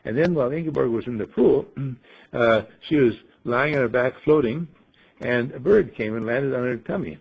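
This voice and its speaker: A man leading a group in a folksy storytelling talk, asking rhetorical questions and often clearing his throat. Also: mid-range voice, moderate pace, dull audio. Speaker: group leader telling a story.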